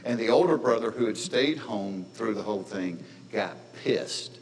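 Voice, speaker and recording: A man's voice: fairly low pitch, lively intonation, normal speed, vocal fry, in a large hall, faint music behind, poor audio. Folksy man telling a stage story. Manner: folksy, conversational, earnest. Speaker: stand-up comedian. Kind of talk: stand-up storytelling to a live audience.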